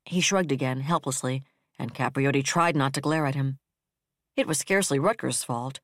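An audiobook narrator reading military science fiction in a steady, even storytelling manner. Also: medium pitch, no echo, studio quality.

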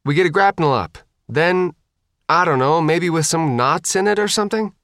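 Man voicing frantic swearing teen girl, high and loud, audiobook read. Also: moderate pace, no room sound, studio quality. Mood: unsure, rattled. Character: panicky brash teenage girl fighter.

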